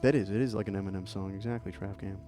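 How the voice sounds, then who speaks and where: A man's voice: low-pitched, steady tone, very fast, warm tone, faint music behind. A man hosting a live stream, opening fan mail and chatting in a playful, joking, thankful way. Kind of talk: casual live-stream chat.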